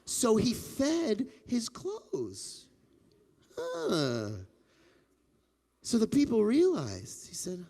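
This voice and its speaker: A man telling a playful children's story at a temple family service, animated and full of sound effects. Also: high voice, extremely slow, vocal fry, long pauses, big-room sound. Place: temple sanctuary.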